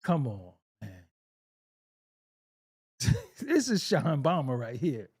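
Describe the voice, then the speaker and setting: Lively, laughing male reaction host. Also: medium pitch, takes it slowly, slightly rough. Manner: animated and joking, laughs often, swears freely. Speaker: host reacting to video clips. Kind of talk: casual reaction commentary.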